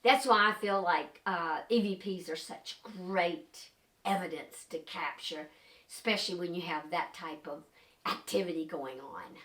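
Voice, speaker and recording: An older woman with a bright, forceful voice tells a story in a chatty way. She fills her talk with ums and uhs. The sound is roomy and echoey. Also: on the low side, a little slow. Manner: chatty, lively storyteller with many fillers. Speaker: paranormal investigator. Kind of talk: casual storytelling to camera.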